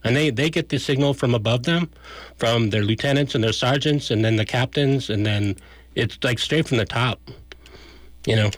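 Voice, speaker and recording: A man's voice: medium pitch, moderate pace, no echo. A man, an activist guest on a radio show, gives a blunt and argumentative political analysis in casual speech.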